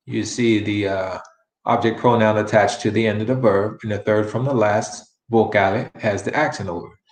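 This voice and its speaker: A man teaching a Spanish lesson, speaking slowly and enunciating clearly, repeating phrases over and over. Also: lowish voice, a little mellow, reverberant. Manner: slow, deliberate enunciation with many repetitions. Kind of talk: online language lesson.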